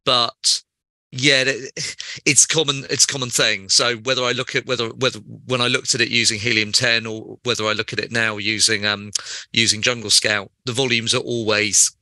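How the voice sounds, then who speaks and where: Guy calling in, trips over his words, super bright dry voice. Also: mid-range voice, level tone, dry recording. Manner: halting, repeats words. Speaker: caller, software user. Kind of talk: casual call-in chat.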